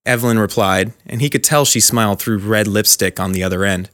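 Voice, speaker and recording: A man narrating a dramatic short story in a measured, scripted way. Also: lowish voice, a bit bright, slight background noise.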